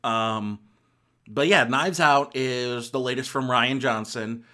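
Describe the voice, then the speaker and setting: A man's voice: mid-range voice, takes it slowly, sharp tone. Rambling male movie reviewer. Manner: rambling, with many ums and restarts. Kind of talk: casual spoken movie review.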